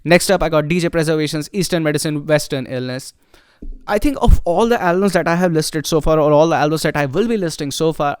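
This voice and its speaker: A man's voice: fairly high pitch, clean tone, no room sound, studio quality. A man giving a casual, enthusiastic spoken review of albums, talking loosely with many fillers. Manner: enthusiastic, loose, frequent "you know" and "like" fillers. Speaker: music reviewer.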